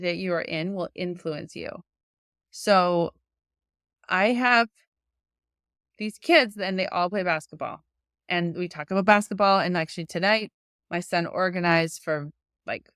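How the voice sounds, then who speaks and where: A woman's voice: mid-range voice, a bit bright, clean tone, no room sound, clean studio sound. A woman podcast host coaching her listeners in a casual, chatty monologue, full of fillers and restarts.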